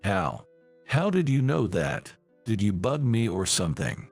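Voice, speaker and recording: A man's voice: lowish voice, sing-song, a little slow, creaky, no room sound, faint music behind, heavily acted. A man voicing a furious middle-aged ex-husband in an audio story, speaking angrily and accusingly. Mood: shocked. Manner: angry, accusing.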